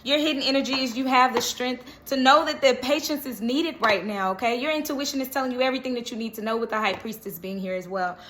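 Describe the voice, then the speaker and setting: Young woman, tarot reader, chatty, reassuring, bright voice. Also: a little high, quick pace, few pauses, slight background noise. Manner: chatty, reassuring, frequent "okay?" check-ins. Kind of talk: casual tarot reading to camera.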